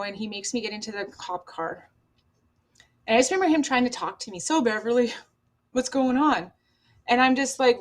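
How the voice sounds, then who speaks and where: Emotional Canadian woman telling her story. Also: a little high. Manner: emotional, raw, halting. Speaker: podcast guest. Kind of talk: personal storytelling.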